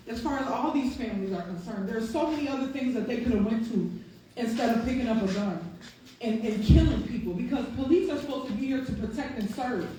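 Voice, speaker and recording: A woman's voice: a little high, warm tone. A grieving mother speaking out at a public meeting, impassioned and near tears. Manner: impassioned, insistent, repeating questions. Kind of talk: emotional public testimony. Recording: very echoey hall, mic far off, faint hiss.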